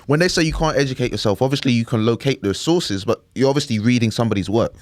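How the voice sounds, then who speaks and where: A man's voice: medium pitch, quick pace, no echo, clean studio sound. A man co-hosting a podcast, talking in a loose, rambling way and often checking "do you know what I mean". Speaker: podcast co-host. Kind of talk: casual chat.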